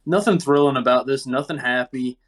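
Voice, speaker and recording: A man's voice: medium pitch, brisk. A man co-hosting a casual wrestling podcast, talking in a laid-back, dryly critical way. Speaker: podcast co-host. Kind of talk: casual chat.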